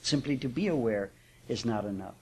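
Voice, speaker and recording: Older male spiritual teacher, husky tone, reflective sermon delivery with frequent restarts. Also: mid-range voice, animated, warm tone. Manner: unhurried, reflective, with repetition and restarts.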